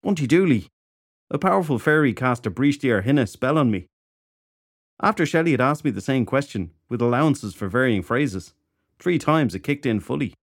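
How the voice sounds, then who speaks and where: A man's voice: mid-range voice, expressive, normal speed, dry recording, studio quality, voice pushed up. A man voicing a sardonic fairy detective who talks bluntly and sarcastically. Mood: rueful.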